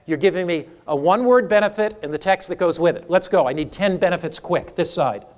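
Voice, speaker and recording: A man's voice: high-pitched, brisk. A man, a pastor, teaching a sermon class and asking the audience questions. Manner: animated, asks the audience questions. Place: hall with a live audience.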